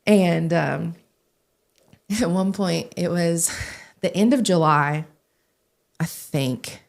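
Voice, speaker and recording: A young adult woman, a young adult pastor, telling stories in a podcast interview, animated and acting out the voices of the people she quotes. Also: fairly low pitch, slow, gravelly. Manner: animated, acts out quoted voices, laughs often. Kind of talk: casual storytelling in a podcast interview.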